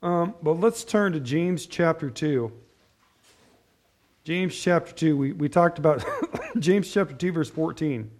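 A middle-aged male pastor gives a loose, story-driven sermon in a fairly high voice. He rambles conversationally, restarting sentences and tossing in asides as he talks to his congregation. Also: a little slow, long pauses, a little mellow.

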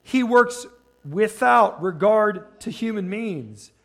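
A man preaching a sermon in a conversational way. He asks the congregation questions and slows down when reading scripture. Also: sits high, expressive, a bit bright. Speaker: pastor.

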